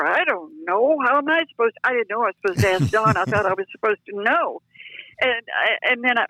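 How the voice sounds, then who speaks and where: An older woman telling lively, self-deprecating stories as a guest, heard over a phone line. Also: medium pitch, normal speed, dry recording. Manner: chatty, self-deprecating, animated. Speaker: guest storyteller. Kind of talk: anecdotal storytelling.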